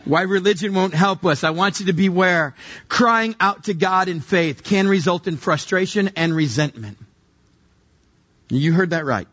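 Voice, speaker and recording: Brief: male pastor preaching, conversational and wry, fairly high and husky, on a dull recording. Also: a little slow, fairly bright tone. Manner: conversational, humorous, acts out little scenes. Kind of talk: sermon.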